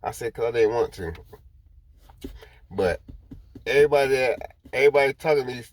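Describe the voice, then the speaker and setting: A man's voice: medium pitch, a little fast. A man rambling through a personal story to his viewers in casual talk, repeating himself as he goes. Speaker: vlogger.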